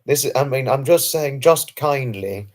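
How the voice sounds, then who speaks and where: This livestream host has an expressive, mid-range voice and a measured pace. During a late-night stream he reads and answers chat messages, earnest, formal and effusive, repeatedly apologizing and repeating himself.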